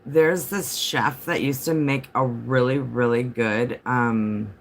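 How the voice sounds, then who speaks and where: A man's voice: medium pitch, steady tone, slow pace, vocal fry, a little hiss or hum. A man chatting casually on a home livestream, rambling from topic to topic and answering viewer comments as they come in.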